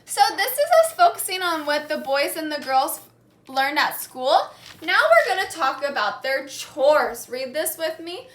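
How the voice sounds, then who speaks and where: A woman teaching a lesson, saying words slowly and clearly and having the class repeat them after her. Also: high-pitched, lively intonation, fairly bright tone. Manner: slow, clear, repeating key words for learners to echo. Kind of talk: call-and-response classroom lesson.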